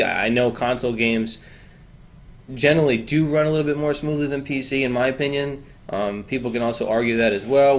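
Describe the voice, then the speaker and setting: A man co-hosting a casual gaming podcast, talking in a relaxed, rambling way with many fillers and restarts. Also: medium pitch. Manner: relaxed, rambling, lots of "uh" and repeats. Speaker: podcast co-host.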